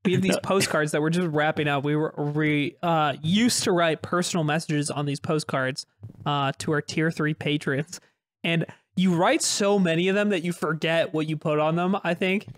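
Podcast co-host, male, high voice, dry close mic, argues his points. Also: fairly even intonation, moderate pace, no room sound. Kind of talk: casual chat.

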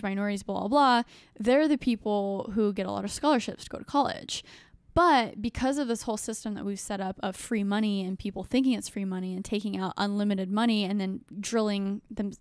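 A young woman hosts a casual podcast chat, rambling and animated as she piles up fillers and restarts. Her voice sits in an ordinary middle pitch, and the recording is dry with no room sound. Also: clean tone, dry recording. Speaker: podcast host.

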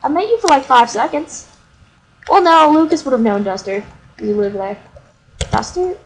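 A woman's voice: high-pitched, animated, normal speed. A woman doing casual let's play commentary, reading the game's dialogue aloud with playful asides. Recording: noisy home recording.

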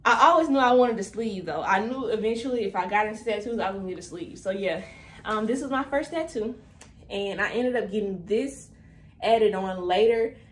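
Chatting to viewers as "y'all," a vlogger in her twenties talks with plenty of fillers and sounds a bit out of breath. She has a mid-range voice at normal speed, recorded in an echoey room with faint noise in the background.

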